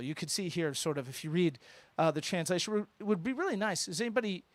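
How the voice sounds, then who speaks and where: A man teaching a congregation in a synagogue, lively and informal, with joking asides and questions to the room. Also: high-pitched, fast talker, no room sound. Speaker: rabbi teaching at a Shabbat service. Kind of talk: interactive sermon with congregation. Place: synagogue sanctuary.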